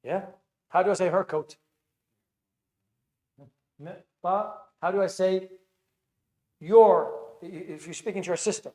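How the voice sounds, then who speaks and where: Speaking a little slowly and pausing often, a man with a high-pitched but dark-toned voice teaches Arabic. The classroom lecture, quizzing students and repeating phrases with frequent restarts, has noticeable echo.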